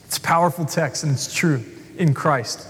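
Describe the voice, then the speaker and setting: A male pastor preaching a sermon in an animated, self-deprecating way, acting out the people he talks about. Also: a little high, normal speed. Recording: long hall reverb.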